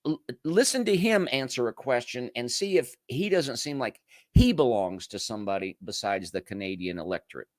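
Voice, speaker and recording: Animated man firing off rhetorical questions. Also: mid-range voice, normal speed, no room sound, clean studio sound. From United States. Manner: rhetorical questions, answering himself. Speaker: livestream show host. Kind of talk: casual livestream commentary reading viewer comments.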